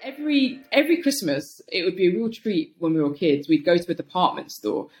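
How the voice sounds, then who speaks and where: A woman's voice: on the low side, very animated, fairly quick, darkish tone, reverberant, faint music behind. Reflective London-accented woman. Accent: London English. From England. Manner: reflective, thinks aloud with restarts. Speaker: podcast guest. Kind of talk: casual interview chat.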